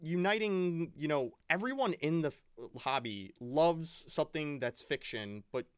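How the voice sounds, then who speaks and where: A man's voice: on the high side, lively intonation, unhurried, clean tone, no echo, clean studio sound. A man co-hosting a podcast in casual chat, earnest and reflective, hesitant with many restarts. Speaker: podcast co-host.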